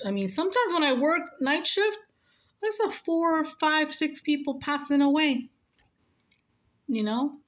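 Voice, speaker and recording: A woman in her forties talks in an earnest, emotional monologue, pressing her advice home by saying it again and again. Her voice sits a little high for a woman. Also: fairly bright tone. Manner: earnest, repeats points for emphasis. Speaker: nurse sharing life advice. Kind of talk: heartfelt monologue.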